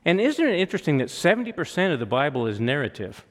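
A man's voice: fairly high pitch, quick pace. Older man preaching in a reverberant hall. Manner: conversational, self-deprecating, with lively quoted asides. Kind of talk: storytelling sermon. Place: church hall.

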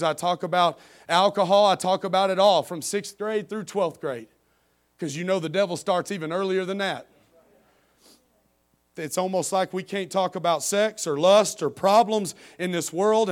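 A man preaching a sermon as a pastor, swinging from loud, emphatic, repetitive preaching to quiet confiding. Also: high-pitched.

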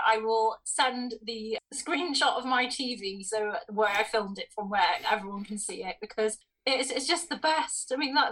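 A woman's voice: fairly high pitch, pushed and bright, low-quality recording. A woman, co-hosting a film podcast in casual chat, laughing often. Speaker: podcast co-host.

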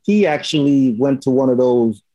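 A man in casual chat, telling a story in an animated way and acting out the lines of the people in it. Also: medium pitch, normal speed, no room sound, lo-fi sound. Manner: animated storytelling, acts out quotes with swearing.

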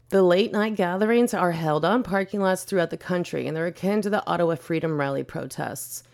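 Lowish-voiced woman ranting on a podcast. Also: gravelly, a little mellow. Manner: profane, indignant, blunt. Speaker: podcast host.

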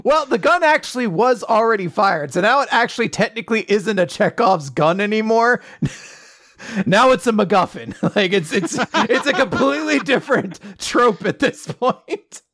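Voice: mid-range voice, lively intonation, moderate pace, a bit bright, no echo, studio quality. A co-host joking playfully in a casual chat about a show.

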